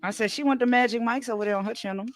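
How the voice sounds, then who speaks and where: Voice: medium pitch, rapid-fire, faint music behind. Laughing, agreeing livestream co-host. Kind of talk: casual chat.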